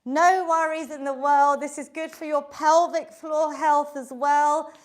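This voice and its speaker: A high-pitched middle-aged woman coaches a live online workout class. She talks at an unhurried pace, encouraging and chatty, counting down the reps. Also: fairly even intonation. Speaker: fitness instructor.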